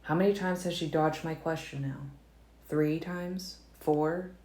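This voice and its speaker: A woman narrating a fan-made audiobook in a calm, measured first-person reading. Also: deep voice. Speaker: audiobook reader. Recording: roomy echo, faint noise.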